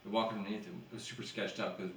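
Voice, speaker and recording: Young male co-host, low voice, rapid rambling profane delivery; echoey room, mic far off. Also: little pitch movement, a bit bright, a little hiss or hum. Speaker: podcast co-host. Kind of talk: casual chat.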